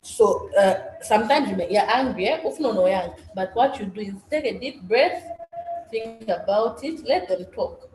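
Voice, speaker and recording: A woman's voice: mid-range voice, lively intonation, moderate pace, darkish tone, faint music behind. A woman moderating a coaching session and interpreting, switching between English and Swahili and often restarting her sentences. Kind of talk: workshop moderation. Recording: echoey room with faint ambience.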